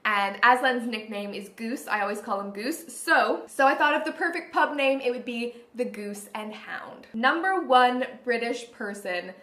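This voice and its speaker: A woman's voice: fairly high pitch, unhurried, few pauses, fairly bright tone. A woman vlogging in a chatty, gushing way, full of "like". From Canada. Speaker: beauty vlogger. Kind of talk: casual vlog chat. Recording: roomy echoey room.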